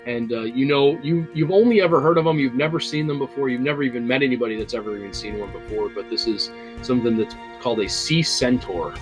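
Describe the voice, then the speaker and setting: A man's voice: mid-range voice, fast, soft background music, low-quality recording. Hesitant male game master. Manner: rambling, hesitant, with many fillers. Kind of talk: narrating a tabletop game.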